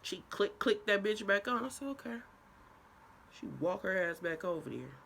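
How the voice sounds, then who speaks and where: A woman's voice: medium pitch, expressive, moderate pace, creaky, fairly bright tone, slight background noise. Young woman telling a profane story. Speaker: vlogger. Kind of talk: casual storytime.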